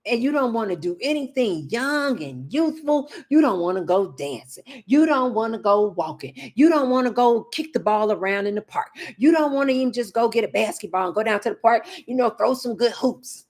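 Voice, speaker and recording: Chatty woman vlogger, fairly high voice. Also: darkish tone. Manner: chatty and emphatic, keeps addressing viewers, breaks into laughter. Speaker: lifestyle vlogger. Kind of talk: casual talk to camera.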